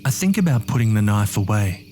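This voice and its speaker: A man's voice: fairly low pitch, very animated, brisk, warm tone, faint music behind. A man narrating a horror story in the first person with a gritty, streetwise delivery.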